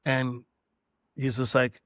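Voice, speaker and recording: Man, middle-aged, from Canada, podcast guest, casual storytelling, level even delivery, dry close sound. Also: mid-range voice, slow pace, dry recording. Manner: relaxed anecdote-telling, acting out quoted dialogue. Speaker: guest, DJ and producer.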